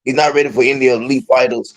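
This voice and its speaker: A man's voice: mid-range voice, steady tone, quick pace. Blunt, slangy male boxing pundit. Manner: blunt, slangy trash talk. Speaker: co-host. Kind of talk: casual boxing talk show.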